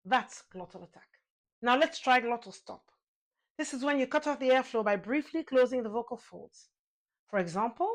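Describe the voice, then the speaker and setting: A vocal coach with a voice on the high side teaches a singing lesson, calmly guiding the listener through exercises. She counts aloud and demonstrates the sounds.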